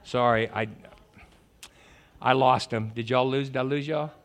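A man preaching a lively sermon, joking, stammering and restarting his sentences. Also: medium pitch, unhurried. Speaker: pastor.

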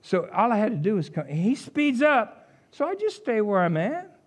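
A middle-aged man, preaching a sermon, full of animated storytelling, jokes and asides. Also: high voice, normal speed. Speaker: pastor.

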